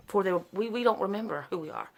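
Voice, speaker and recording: A woman's voice: medium pitch, lively intonation, rapid-fire, gravelly. A middle-aged woman, telling her personal story to camera in an earnest, emotional way, with sighs, laughs and restarts. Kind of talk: unscripted personal testimony to camera.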